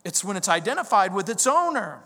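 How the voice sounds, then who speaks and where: A high-pitched middle-aged man from Southern California preaches to his congregation, leaning hard on key words and slowing down to drive a point home. His voice carries a long reverb from a large church hall. He switches easily between scripture reading and personal storytelling. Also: very animated, bright, forceful tone. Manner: storytelling, emphatic with slow drawn-out stresses. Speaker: pastor. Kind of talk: verse-by-verse sermon. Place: church sanctuary.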